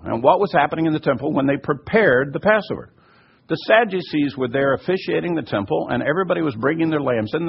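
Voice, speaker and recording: On a muffled, lo-fi recording, a man with a fairly high, creaky, husky voice teaches from scripture and answers listener questions. He's emphatic, fond of asides, and keeps saying "by the way."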